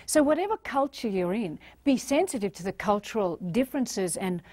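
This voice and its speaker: Animated Australian woman lecturing. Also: mid-range voice, normal speed, no echo. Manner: animated, acts out quoted voices. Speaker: leadership trainer. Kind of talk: recorded training lecture.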